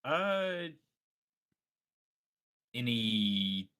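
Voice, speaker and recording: A man's voice: medium pitch, big pitch swings, pushed and bright, smooth. A man playing a tabletop game who speaks for his character in a hesitant way. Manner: slow, hesitant, plays his character in first person. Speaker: player.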